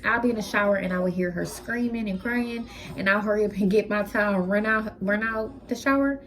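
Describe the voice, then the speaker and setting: A woman's voice: medium pitch, a little fast. A woman, a first-time mother, talking candidly at home in a casual vlog and giving frank advice. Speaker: first-time mother sharing postpartum experiences.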